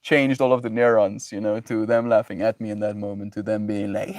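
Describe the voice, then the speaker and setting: A man's voice: fairly low pitch, level tone, fairly quick, few pauses, darkish tone, no echo, studio quality. A man livestreaming, musing on love and forgiveness in a rambling way, laughing often as he reads chat. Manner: rambling, laughs often, loose filler-heavy talk. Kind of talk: casual spiritual musing.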